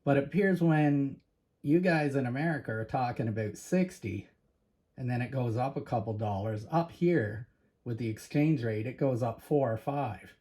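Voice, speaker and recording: Canadian guy vlogging to his viewers, chatty and a little huffy and breathless, middle pitch. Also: normal speed. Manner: chatty, animated storytelling. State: slightly out of breath. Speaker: precious metals channel host. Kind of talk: casual vlog talk to viewers.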